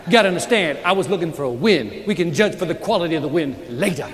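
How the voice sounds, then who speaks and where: A man with a fairly high voice speaks quickly, delivering a motivational keynote in a large conference hall. He tells energetic, animated stories and calls out to the audience. The recording is echoey, with a live crowd and background noise.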